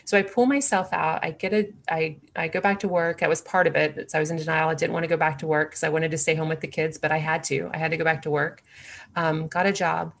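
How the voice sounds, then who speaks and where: A woman's voice: deep voice, fairly even intonation, fast, creaky. A woman in her forties, an interview guest, telling a personal story in a candid, earnest way with many fillers and restarts.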